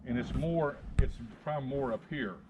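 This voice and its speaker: A man's voice: mid-range voice, moderate pace, a little mellow. A man working as a horse chiropractor, explaining his work in a rambling, casual way while soothing the horse between remarks. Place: outdoors with a horse. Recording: noisy outdoor recording.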